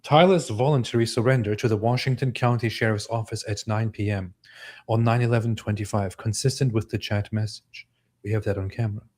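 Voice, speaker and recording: A man with a fairly low voice gives live commentary on court footage. He talks in a deliberate, measured way and restarts some phrases. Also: fairly even intonation, darkish tone. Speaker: co-host of a live stream.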